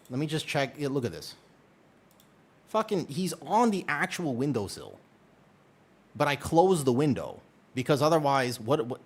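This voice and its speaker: A man's voice: fairly high pitch, very animated, moderate pace. A man chatting casually on a live game stream, swearing freely and playfully scolding his cat. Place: home room at a computer.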